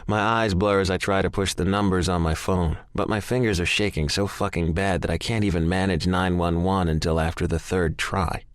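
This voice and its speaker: Deep-voiced man narrating intensely. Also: steady tone, moderate pace, few pauses, no echo, studio quality. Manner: profane, intense, emotionally charged. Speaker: audiobook narrator. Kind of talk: first-person romance audiobook narration.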